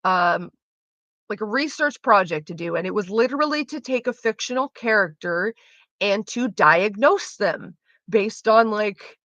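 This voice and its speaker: A woman streamer in casual chat with her viewers, rambling fast and swearing freely. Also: mid-range voice, lively intonation, a bit bright, no echo, lo-fi sound.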